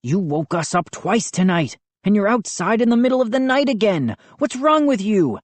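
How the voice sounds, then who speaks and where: A woman's voice: mid-range voice, sing-song, normal speed, dry recording, voice pushed up. A woman reading a stern, fed-up father. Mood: scolding. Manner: snapping, scolding.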